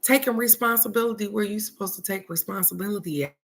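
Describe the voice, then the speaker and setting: A woman's voice: medium pitch, fast, creaky. Blunt, swearing middle-aged woman. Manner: blunt, preachy, swears freely. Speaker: host. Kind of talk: casual spoken advice.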